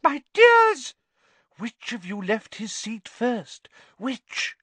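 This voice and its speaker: A man's voice: mid-range voice, huge pitch swings, normal speed, dry recording, voice pushed up. A man voicing a misty, haughty older woman seer who speaks in airy, melodramatic tones. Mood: shrill alarm.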